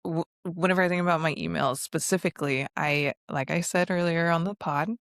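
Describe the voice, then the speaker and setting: A woman's voice: low voice, fairly even intonation, fairly quick, fairly bright tone, no echo, clean studio sound. A young woman co-hosting a podcast who talks in a direct, reflective way and laughs easily. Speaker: podcast co-host. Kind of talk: casual podcast chat.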